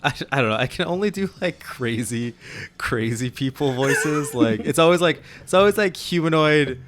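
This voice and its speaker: A man's voice: mid-range voice, expressive, moderate pace, fairly bright tone, soft background music. A man co-hosting a tabletop gaming podcast, talking casually with frequent laughs and fillers. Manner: chatty, laughs often, many fillers. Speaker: podcast co-host and game master.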